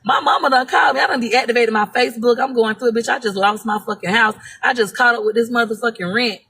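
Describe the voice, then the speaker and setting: A woman's voice: fairly high pitch, quick pace, bright, forceful tone, a little hiss or hum. Blunt, profane woman. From Florida. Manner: blunt, profane, emphatic storytelling. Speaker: social media personality. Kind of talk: casual live-stream monologue.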